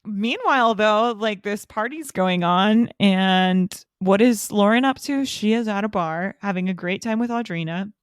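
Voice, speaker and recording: A woman's voice: mid-range voice, unhurried, few pauses, clear, resonant tone, dry recording, clean studio sound. A woman co-hosting a casual podcast, chatty and giggly, with lots of "like" fillers. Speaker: podcast co-host. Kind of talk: casual chat.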